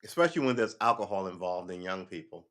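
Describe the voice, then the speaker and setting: A man's voice: deep voice, lively intonation, fast talker, fairly bright tone. A man reads news headlines aloud on a casual live stream and adds sarcastic, offhand comments as he thinks aloud.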